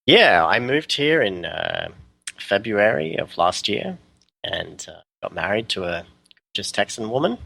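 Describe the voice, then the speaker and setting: A man with an Australian accent, a guest in a casual podcast interview, talking in an easygoing way with frequent laughs and pauses. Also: fairly low pitch, huge pitch swings, vocal fry, pushed and bright, no room sound. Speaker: guest, custom terrain maker.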